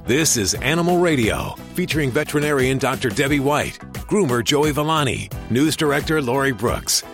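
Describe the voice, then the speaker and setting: A male announcer reads a radio show intro, smooth and measured, at a middle pitch. Soft guitar plays beneath him. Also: lively intonation. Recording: voice over faint guitar.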